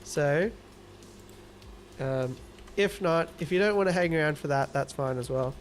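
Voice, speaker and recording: A man's voice: fairly high pitch, measured pace, slight background noise. An Australian man hosting a casual livestream, reading viewer comments aloud and teasing them playfully. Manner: playful, teasing, laughs often. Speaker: livestream host.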